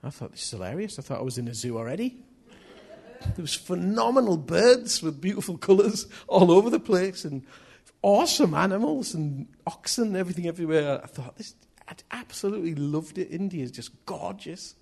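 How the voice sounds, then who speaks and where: Husky-voiced chatty male preacher. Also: sits high, sing-song, brisk, a little mellow. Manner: chatty, jokey, laughs at himself mid-story. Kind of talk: sermon.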